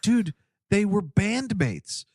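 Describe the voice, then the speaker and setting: A man's voice: sits high, takes it slowly, no room sound, clean studio sound. A man co-hosting a comedy podcast, casually joking about a film and acting out its lines in mock voices. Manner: animated, mock-quoting characters in silly voices. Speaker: podcast co-host. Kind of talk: casual comedic movie-review chat.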